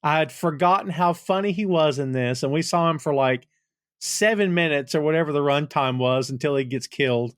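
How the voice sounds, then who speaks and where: A man's voice: fairly high pitch, fairly quick, a bit bright, no echo, studio quality. A man hosting a podcast, chatting casually about a film with enthusiasm, laughing often. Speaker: podcast host. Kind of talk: casual film review chat.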